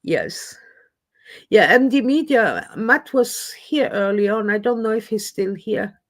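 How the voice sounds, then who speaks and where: A woman's voice: fairly high pitch, very animated, unhurried. A woman hosting a casual live stream chat, rambling and self-deprecating as she talks. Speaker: livestream host. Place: lives in Scotland.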